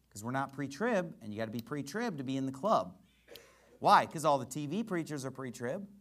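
Male preacher, high voice with wide swings, mocking and emphatic sermon delivery. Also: a bit bright.

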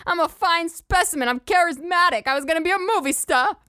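A woman's voice: very high-pitched, brisk, sharp tone, no room sound, studio quality, voice pushed up. A woman voicing a vain, self-important roly-poly bug in a comedy rant.

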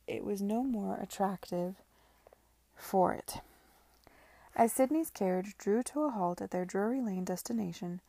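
A woman reading a novel aloud in a hushed, measured narration. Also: medium pitch, no room sound. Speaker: reader.

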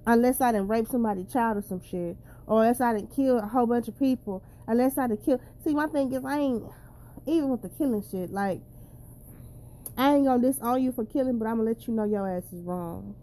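A woman's voice: on the high side, a little fast, warm tone. A woman talking casually and bluntly to her viewers, swearing freely and preaching hard about how people should treat their children. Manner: blunt, profane and preachy, addressing viewers directly. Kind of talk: casual straight-to-camera rant.

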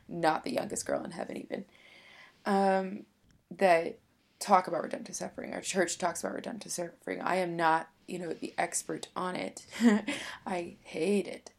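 A woman's voice: lowish voice, fairly even intonation, normal speed, vocal fry. A woman co-hosting a podcast, talking in a chatty, reflective way about faith and using "like" a lot. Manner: chatty and reflective, heavy use of "like". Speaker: podcast co-host. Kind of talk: casual faith chat.

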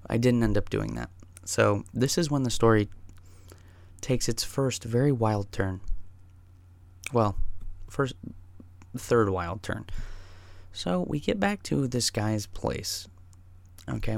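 A man with a gravelly, creaky voice tells a wild personal story in a loose, rambling way, swearing freely. His voice sits at an ordinary pitch, and the recording is close and dry, with no room sound. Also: takes it slowly, long pauses, no echo. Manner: profane, rambling, excitable.

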